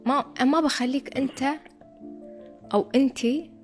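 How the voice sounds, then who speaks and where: A woman's voice: sits high, very fast. A young woman, talking in a firm, self-assured and emphatic way about her own life. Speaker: interviewee in a played clip. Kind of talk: reflective personal talk, mixing Arabic and English. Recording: background music under the clip.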